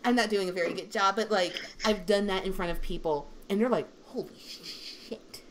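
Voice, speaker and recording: A young woman voice actor with a deep voice, chatting casually on a livestream and rambling with many fillers. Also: fast, slight background noise. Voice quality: deep female voice.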